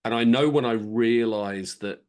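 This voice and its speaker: A man's voice: mid-range voice, measured pace, a little mellow. A man co-hosting a podcast, reflecting openly and repeating words as he thinks aloud. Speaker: podcast co-host. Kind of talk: candid conversational chat.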